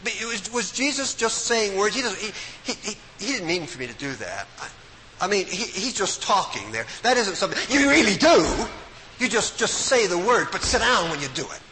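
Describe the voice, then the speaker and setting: An older man giving a folksy, emphatic Bible talk as a preacher, swinging from loud emphasis to quiet asides. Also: sits high, a little fast. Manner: animated, folksy, emphatic with sudden drops to quiet. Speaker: preacher at a Bible study week. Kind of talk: sermon-style Bible talk. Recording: hall reverb with faint noise.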